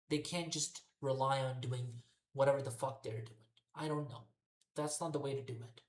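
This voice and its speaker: A man hosting a wrestling commentary show, ranting in an exasperated way and swearing constantly. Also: mid-range voice. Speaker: wrestling podcast host. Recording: echoey roomy recording.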